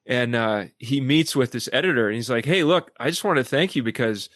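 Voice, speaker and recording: A man who is a podcast guest, telling stories animatedly and acting out quoted people in lively voices. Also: medium pitch, brisk, no echo, clean studio sound. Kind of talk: casual discussion.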